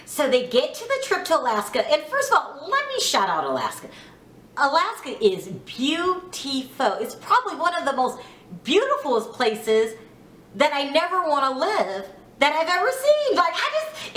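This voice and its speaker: A woman in a roomy, echoey space talks through a reality show episode in a frank, opinionated way. Her pitch swings up and down with a lot of life, and it sits a little high. She curses now and then and acts out the quotes she repeats. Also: a bit bright. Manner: frank, opinionated, mildly profane. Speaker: reality TV recap vlogger. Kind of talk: casual spoken TV recap.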